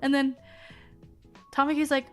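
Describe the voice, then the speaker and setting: A woman's voice: high voice, flat delivery, unhurried, a bit bright, faint music behind. A young woman streamer casually retelling an anime plot. She rambles, swears freely and laughs often as she talks. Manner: laughs often while talking.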